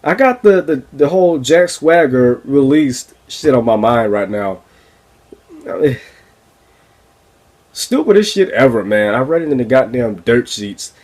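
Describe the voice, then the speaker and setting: A man's voice: medium pitch, animated, a little slow, darkish tone. A man hosting a wrestling review podcast, ranting casually and profanely with frequent laughs. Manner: profane, exasperated, laughs often.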